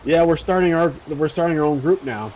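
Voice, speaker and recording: A man voicing a dim-witted male bandit sidekick in a tabletop game, blurting loudly. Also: a little high, fairly quick, dull audio, a little hiss or hum, lightly acted. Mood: hotheaded.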